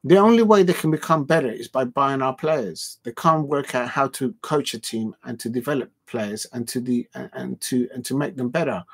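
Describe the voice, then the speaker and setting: Livestream host, man, mid-pitched, rambling football banter with high protesting outbursts. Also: moderate pace, few pauses, husky. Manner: animated football banter, voice jumping up when protesting; rambling with many fillers and restarts. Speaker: livestream watch-along host. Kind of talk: casual livestream chat reading out viewer comments.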